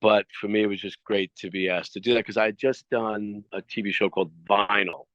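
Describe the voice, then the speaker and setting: Man telling showbiz stories, low voice. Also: a little fast. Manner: animated anecdotes with acted-out quotes. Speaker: actor interviewee. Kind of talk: casual interview storytelling. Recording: dry, slightly dull sound.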